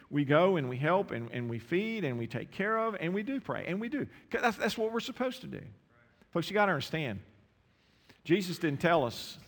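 A man preaching a sermon, impassioned, repeating words and swinging from quiet asides to raised exclamations. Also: on the high side. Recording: long hall reverb.

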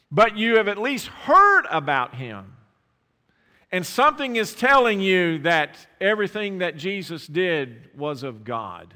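A man's voice: fairly high pitch, sing-song, slow, sharp tone, in a large hall. A man preaching a sermon to his congregation, putting rhetorical questions to the listeners. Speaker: pastor. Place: church sanctuary.

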